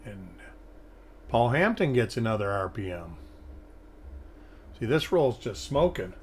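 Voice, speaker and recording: Relaxed man hosting a coin livestream. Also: mid-range voice, a little slow, breathy edge. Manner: relaxed, rambling, thinking aloud. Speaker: coin hunting livestream host. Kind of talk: casual live commentary.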